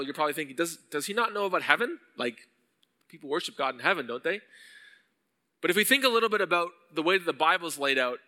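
This male pastor's slightly high voice sounds pushed and bright as it fills a large hall. His sermon is earnest, growing into a pleading intensity whenever he gives voice to the psalms.

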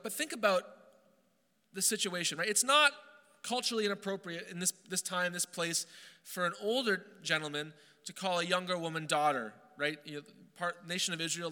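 A man preaching a sermon as pastor, earnest and emphatic, slowing down on key phrases and often restarting his words. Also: fairly high pitch, pushed and bright, clear, resonant tone, long reverb tail.

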